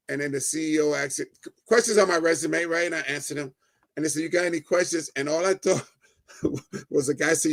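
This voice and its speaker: A middle-aged man giving a personal testimony as a guest, telling it in an animated way, acting out the dialogue and often checking in with "right?". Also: on the high side, creaky. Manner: animated storyteller, keeps adding "right?"; acts out quoted dialogue.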